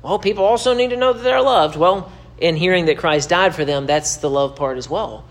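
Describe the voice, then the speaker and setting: A man's voice: high voice, fairly quick. A man preaching to camera in a sermon-style teaching, emphatic and repetitive, his voice climbing when he presses a point. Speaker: pastor.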